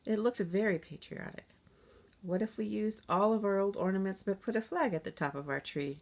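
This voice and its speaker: Gentle, upbeat storybook mother, soothing manner, voiced by a woman reader. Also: medium pitch, moderate pace, lightly acted. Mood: cheerful. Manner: cheerful, soothing. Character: cheerful, gentle mother Mrs. McIntyre.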